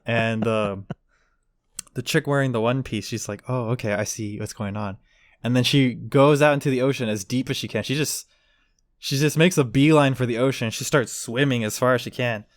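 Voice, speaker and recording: A man's voice: medium pitch, moderate pace, no room sound, studio quality. Rambling man acting out quotes. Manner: rambling, acts out quotes with voices. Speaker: podcast co-host. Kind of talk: casual chat.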